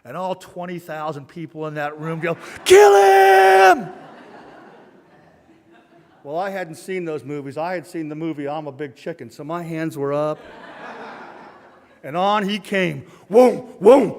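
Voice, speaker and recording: A middle-aged man telling a comic true story on a live stage, self-mocking and punchy, acting out shouts and sound effects. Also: a little high, moderate pace. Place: large hall, live stage. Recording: long hall reverb from a live stage.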